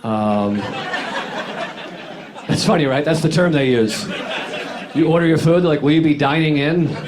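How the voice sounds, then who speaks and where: A man performing a stand-up comedy set on a club stage, deadpan and self-deprecating, dropping his voice low for wry asides. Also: normal speed, crowd noise. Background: audience laughter.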